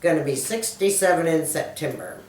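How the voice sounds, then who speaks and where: A woman's voice: deep voice, lively intonation, moderate pace, roomy sound, far from the mic, background noise. A woman in her sixties from Dallas with a thick Texan accent, chatting folksily to her viewers as she answers questions for her video channel. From Dallas, Texas. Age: 60s. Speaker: motivational speaker and YouTuber.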